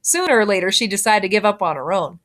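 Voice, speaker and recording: A woman, a teacher, reading a children's novel aloud with expressive storytelling and lifting her voice for the characters. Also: mid-range voice, fast.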